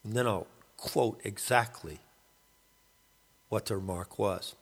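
A man calling himself a shaman, rambling through a halting spoken monologue and often searching for the right word. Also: fairly low pitch, breathy edge, big-room sound. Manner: halting, searching for words, many restarts. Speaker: self-described shaman.

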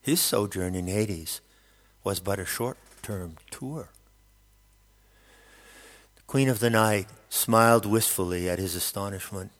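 A man narrating an audiobook in a steady, measured storytelling manner. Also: on the low side. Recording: long hall reverb.

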